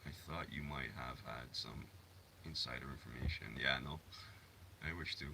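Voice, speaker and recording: A man's voice: very deep voice, moderate pace, creaky, background noise. Rambling man chatting on a livestream. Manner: rambling, swears freely, reads and answers chat. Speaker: livestream host. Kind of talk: casual livestream chat. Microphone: phone.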